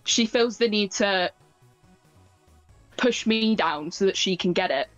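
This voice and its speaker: A woman's voice: medium pitch, unhurried, no room sound, soft background music. Giggly female caller on a dull line. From southern England. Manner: polite, giggly, uses many fillers. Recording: dull lo-fi call audio.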